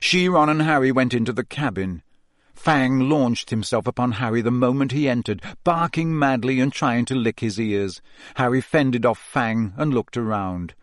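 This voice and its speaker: Expressive male storybook narrator, dry sound. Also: mid-range voice, normal speed, dry recording. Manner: expressive, dramatic reading. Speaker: audiobook reader.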